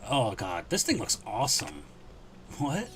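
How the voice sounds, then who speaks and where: A man's voice: mid-range voice, a little slow, crowd noise. A man giving casual, chatty commentary on a video game, talking to his viewers. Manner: excitable, chatty, talks to viewers. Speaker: streamer. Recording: game music behind a live stream.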